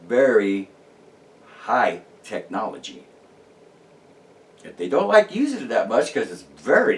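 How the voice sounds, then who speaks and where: A man with a fairly low voice talks casually to camera about his paranormal research, picked up by a distant mic. He rambles and speaks emphatically, restarting often and using lots of fillers.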